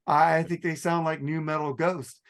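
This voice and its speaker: An outspoken man co-hosts a rock podcast in loose, casual chat. His voice sits high for a man and has a gravelly fry. He states his opinions flatly and laughs often. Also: normal speed. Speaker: podcast co-host. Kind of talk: casual chat about music.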